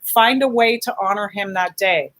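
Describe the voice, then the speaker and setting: A woman hosting a casual live stream, reading out viewer comments and gently encouraging her viewers. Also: mid-range voice, moderate pace.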